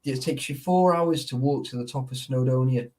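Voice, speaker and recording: A man's voice: medium pitch, moderate pace, a little mellow, far from the mic. A man in casual chat, rambling and swearing, forever checking that the listener follows. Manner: sweary, rambling, keeps asking "you know what I mean".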